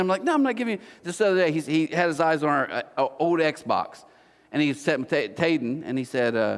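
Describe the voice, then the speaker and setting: A man in his forties preaching a sermon, telling stories with lively acted-out quotes. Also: fairly high pitch, in a large hall. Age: 40s. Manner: animated storytelling, acting out quotes. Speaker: pastor. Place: church auditorium.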